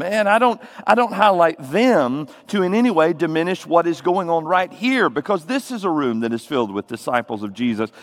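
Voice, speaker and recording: A man from Tennessee with a Southern accent, preaching a sermon with folksy, animated storytelling. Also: on the high side, vocal fry, big-room sound.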